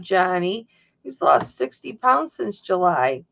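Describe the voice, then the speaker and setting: A woman's voice: medium pitch, animated, takes it slowly, creaky, lo-fi sound. A woman hosting a casual livestream, talking in a chatty, rambling way and answering viewers' chat. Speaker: livestream host. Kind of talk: casual chat to a live audience.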